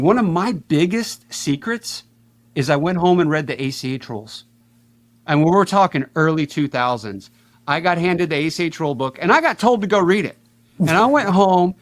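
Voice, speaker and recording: A man talking energetically as a podcast guest, fast and animated, with big swings in his voice. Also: fairly high pitch. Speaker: podcast guest, payments educator. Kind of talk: energetic conversational interview.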